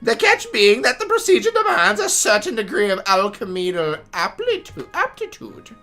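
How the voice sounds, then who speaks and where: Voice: mid-range voice, huge pitch swings, normal speed, pushed and bright, faint music behind, voice pushed up. A gamer voicing a pompous male scientist in a put-on German accent, reading game dialogue aloud in a formal, lecturing way.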